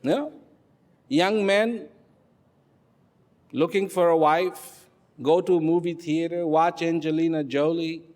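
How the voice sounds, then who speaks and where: Man spinning a funny story in a talk, high lively voice, long hall echo. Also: slow pace, pauses often. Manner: animated, humorous storyteller. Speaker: speaker at a public event.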